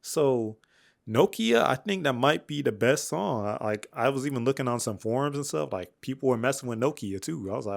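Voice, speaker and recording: A young man giving a candid, slangy album review, rambling with fillers and restarts, dropping to low mutters and jumping up when excited. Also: normal speed, creaky. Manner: swings between flat mutters and excited highs. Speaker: music reviewer. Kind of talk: casual album review monologue.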